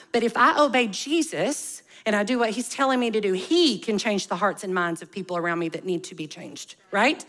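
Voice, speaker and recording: A woman's voice: fairly high pitch, bright, forceful tone. A woman, preaching a conversational sermon full of rhetorical questions. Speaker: pastor.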